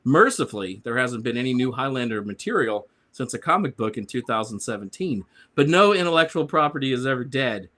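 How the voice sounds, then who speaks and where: A man's voice: medium pitch, very animated, a little fast, few pauses, sharp tone. A man on a discussion panel reading his prepared comic review aloud in a sarcastic, grumbling way.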